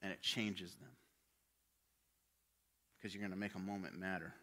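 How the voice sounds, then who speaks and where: A man preaching a sermon with passion, swinging from loud urging to hushed quiet. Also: low voice, fairly even intonation, normal speed.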